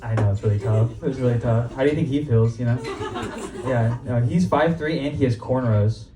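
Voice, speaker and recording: A young male stand-up comedian, casual and profane, works a live comedy club audience at a brisk clip in a medium-pitched voice, laughing at his own jokes. The audience laughs and cheers, heard through a distant mic with roomy live club sound.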